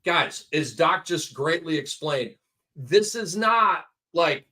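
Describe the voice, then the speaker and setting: Bright-voiced excitable male co-host. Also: on the high side, slow pace, breathy edge. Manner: excitable, rattles off stat lines. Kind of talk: casual fantasy basketball podcast chat.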